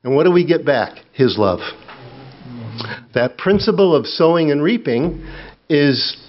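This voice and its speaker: A man in middle age delivers a sermon at an unhurried, deliberate pace. His voice sits fairly high for a man, and he sinks into a low, close tone for personal moments. The recording is dull and lo-fi. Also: lively intonation. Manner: slow, earnest, drops to a low intimate tone for personal story. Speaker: preacher. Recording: dull lo-fi sound.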